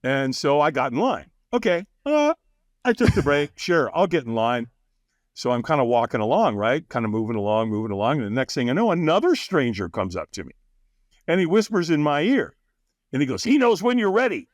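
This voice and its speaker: In a dry, studio-quality recording, a man with a mid-range voice talks a little fast. He's a podcast guest telling a lively conversational story, frequently laughing and imitating what others said.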